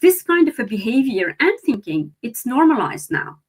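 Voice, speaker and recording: Woman guest talking in halting restarts. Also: a little high, big pitch swings, breathy edge. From Syria. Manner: halting, many restarts and fillers. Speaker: guest researcher and therapist. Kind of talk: interview conversation.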